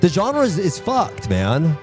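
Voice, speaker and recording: A man's voice: a little high, huge pitch swings, slow, faint music behind. A man streaming live, ranting casually and profanely with lots of slang, rambling and exasperated. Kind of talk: casual livestream chat.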